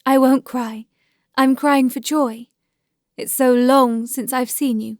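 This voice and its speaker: A tearful young mother speaking softly and tenderly to her child, as read by a woman narrator. Her voice is fairly high and hushed, recorded dry and close to the mic. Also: steady tone, slow pace, no echo. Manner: soft, hushed and emotional.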